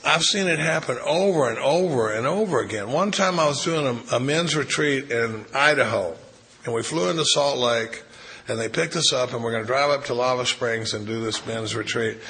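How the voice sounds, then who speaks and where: At a recovery retreat, a middle-aged man tells his story in a meeting room, his voice bright and forceful at an ordinary pitch. He's an animated storyteller who acts out conversations and often restarts his sentences, speaking at a moderate pace. The recording quality is low.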